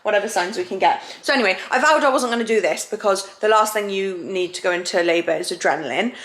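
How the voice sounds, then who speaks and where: A woman's voice: mid-range voice, fast, fairly bright tone. A young pregnant woman chatting casually at home for a vlog, talkative and emotional, often giggling. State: heavily pregnant. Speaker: vlogger.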